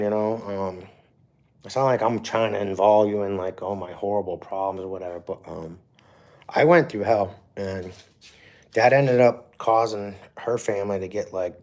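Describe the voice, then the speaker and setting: A middle-aged man with a very low, gravelly voice tells a long personal story on his livestream. He rambles and swears with feeling, and his talk is full of fillers and restarts. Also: normal speed. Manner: profane, emotional, with frequent fillers. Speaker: livestream host.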